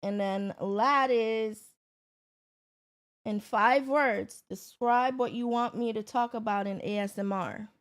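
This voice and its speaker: A woman streamer chats casually and loosely with her viewers, greeting them by name. Her voice is a little high and slow.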